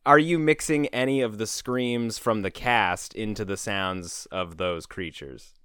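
A man hosts a casual interview, asking enthusiastic, filler-laden questions. His voice has a bright, forceful edge and sounds dry, close-miked. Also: on the low side, unhurried, smooth, no room sound. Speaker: podcast host.

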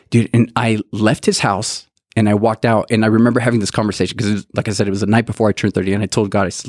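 A man's voice: fairly low pitch, flat delivery, fast talker, a little mellow, dry recording, studio quality. A man around forty telling his faith testimony in casual chat, earnest and full of "dude" and "like". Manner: earnest, says "dude" constantly.

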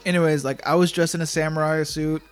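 A man with a slightly higher voice rambles through a story, stacking "like" between every phrase and slipping into the voices of the people in it. Faint music plays under the talk. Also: level tone, fast talker. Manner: rambling, heavy use of "like", acts out quotes. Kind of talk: casual storytelling chat.

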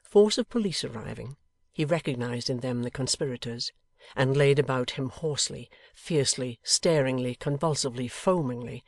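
A man reading a classic novel aloud as an audiobook narrator, in a measured, dramatic way. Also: mid-range voice, no room sound. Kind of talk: scripted narration.

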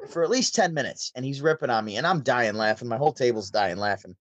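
A man from Syracuse, New York, telling stories as a podcast guest over a remote call, chatty and animated. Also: mid-range voice, fairly quick, few pauses, no echo. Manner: chatty, animated, with frequent restarts. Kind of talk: casual storytelling.

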